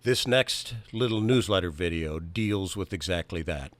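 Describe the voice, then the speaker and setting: A man narrating a training video introduction from a script in a measured, explanatory way. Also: sits low, expressive.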